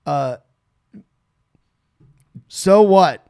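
A man co-hosting a casual podcast, joking in a wry, deadpan way. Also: high-pitched, drawn-out words. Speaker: podcast co-host, bar owner. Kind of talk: casual chat.

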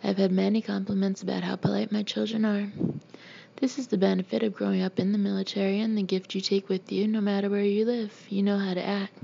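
A woman voicing a patient, soft-spoken mother in a military family, in a mellow, husky voice. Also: mid-range voice, flat delivery, fast talker, dull audio. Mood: soothing. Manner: gentle and soothing.

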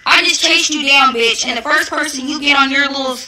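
A woman's voice: high voice, fairly quick, very noisy. A young woman, ranting angrily and profanely at a rival in a confrontational, taunting social media video. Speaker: reality show cast member. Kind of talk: angry social media rant.

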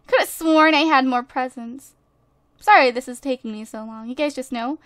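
A woman's voice: high-pitched, moderate pace, fairly bright tone, no room sound, studio quality. A woman casually commenting while she plays a life-simulation game, bubbly and chatty, gushing to her viewers and laughing often, into a desk microphone. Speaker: gaming YouTuber. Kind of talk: casual let's-play commentary. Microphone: desk USB microphone.

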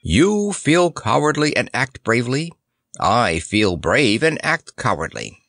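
A man's voice: mid-range voice, very animated, measured pace, creaky, fairly bright tone, no echo, studio quality, exaggerated voice. A man voicing a plainspoken, cheerful male soldier who talks in a thoughtful, matter-of-fact way.

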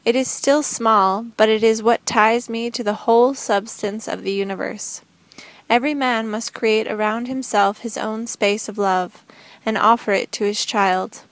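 A woman reading the lines of a calm, gentle young woman in an audiobook, speaking earnestly and evenly. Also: a little high, moderate pace, no echo, close to an everyday voice.

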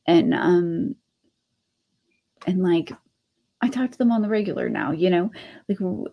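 A woman's voice: lowish voice, lively intonation, unhurried, dull audio. A middle-aged woman hosting a craft channel, telling a personal story in a rambling, casual way with many restarts.

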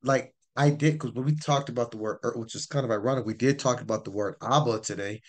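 A man's voice: medium pitch, fast. A man giving an informal Bible teaching, rambling and repeating words, his voice worn. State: losing his voice.

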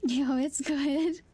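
A woman's voice: sits high, dark tone. A woman with a Southern US accent streaming a game, chatting casually in a playful, giggly way and musing aloud.

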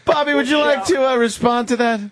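A man's voice: very high voice, fairly even intonation, a little fast, noisy background. A man hosting a radio talk show, laughing often and egging his guests on.

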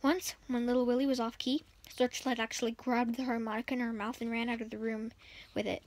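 A woman's voice: fairly high pitch, level tone, a little fast, a little mellow. A woman reading a children's chapter book aloud for her channel, often stumbling and rereading words. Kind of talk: storybook reading.

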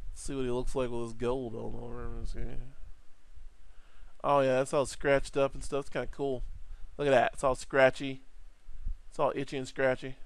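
A man giving a casual 3D art software tutorial, playful and rambling, with jokey asides. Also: medium pitch, clean tone, no echo.

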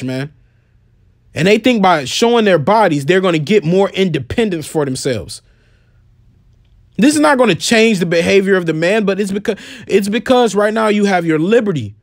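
High-voiced, scolding, foul-mouthed man preaching. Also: dry recording, studio quality. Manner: blunt and scolding, swears freely; reads scripture slowly and solemnly. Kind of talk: informal profane sermon.

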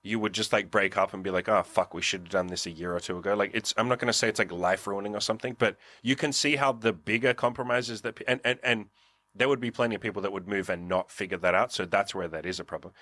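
A man's voice: lowish voice, fairly even intonation, fast talker, bright, forceful tone, no echo. A man giving blunt, profane dating advice in a casual coaching conversation, acting out what others would say. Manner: profane, blunt, acts out quotes.

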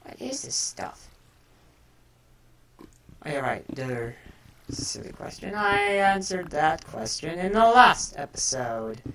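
Low-voiced woman chatting through a game. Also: slow, pauses often, slight background noise, rough recording. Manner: chatty, talks straight to viewers, sudden excited outbursts. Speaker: gaming video host. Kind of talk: casual game commentary.

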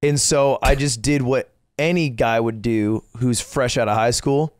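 A young man co-hosting a podcast, telling stories and cracking dry, deadpan jokes in casual chat. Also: mid-range voice, unhurried, smooth, dry recording. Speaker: podcast co-host.

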